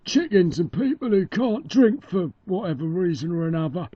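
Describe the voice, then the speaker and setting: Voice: medium pitch, very animated, normal speed, mellow, breathy edge, lo-fi sound. A performer voicing a cheerful dad chicken with a put-on London Cockney accent, talking in a chirpy, slangy way. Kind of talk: amateur cartoon voice acting.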